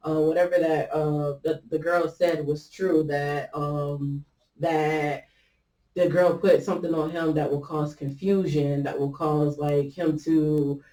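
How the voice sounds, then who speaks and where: A woman's voice: deep voice, steady tone, takes it slowly, dark tone. A woman host telling a personal story in a casual, rambling way, with many fillers and restarts as she quotes what others said. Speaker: podcast host. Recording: roomy echo, mic at a distance.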